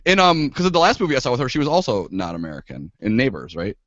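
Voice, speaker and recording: A man hosting a podcast, talking casually with plenty of "um"s and quick laughs. His voice sits in an ordinary middle pitch. The sound is dry and a bit dull. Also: wildly swooping pitch, a bit bright, no echo. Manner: chatty, filler-heavy, laughs easily. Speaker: podcast host.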